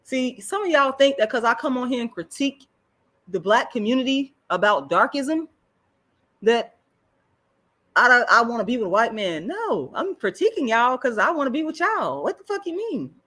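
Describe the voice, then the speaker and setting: A fired-up middle-aged woman talking straight into a phone or webcam on a live stream. Her voice sits a little high and swings widely as she rants, blunt, profane and repeating herself when she gets heated. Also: sing-song, normal speed, a bit bright. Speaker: online commentator. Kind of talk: livestream rant.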